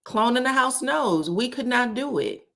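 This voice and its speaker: A woman's voice: a little high, measured pace, vocal fry. Woman, live-stream host, casual storytelling, laughs a lot, acts out quoted lines. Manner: animated, laughs often, acts out quotes in a raised voice.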